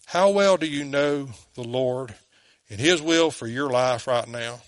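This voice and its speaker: A man preaching a sermon in an earnest way, who asks his listeners direct questions and slows down when he quotes scripture. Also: mid-range voice, no room sound. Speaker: pastor.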